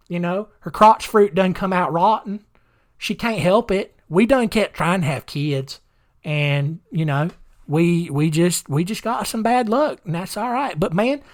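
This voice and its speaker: A man voicing a dim-witted rural husband with a Southern accent, drawling and stumbling as he rambles. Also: high voice. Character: dim-witted rural husband stubbornly defending his wife.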